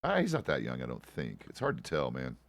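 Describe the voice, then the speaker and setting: Deep voiced guy rambling and cussing through a western rp, swings up and down a lot. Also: wildly swooping pitch, brisk, creaky, no echo. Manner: loose and profane, rambling asides. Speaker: roleplay streamer playing a deputy. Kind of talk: casual in-character chat.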